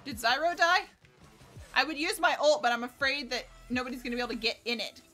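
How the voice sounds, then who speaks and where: A woman streamer giving chatty, excitable live commentary while playing a co-op game, laughing and swearing often. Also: high-pitched, fast. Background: faint game music.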